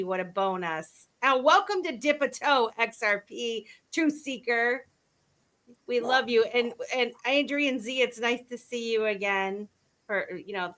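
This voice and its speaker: A woman hosting a casual live audio chat, giggly, chatty and quick to poke fun at herself. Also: a little high, pushed and bright. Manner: giggly, chatty, self-deprecating. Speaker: show host.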